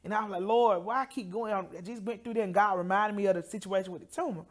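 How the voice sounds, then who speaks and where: As co-host, a fast-talking woman with a mid-range voice shares an emotional healing testimony. She acts out the people she quotes, giving each of them a lively voice.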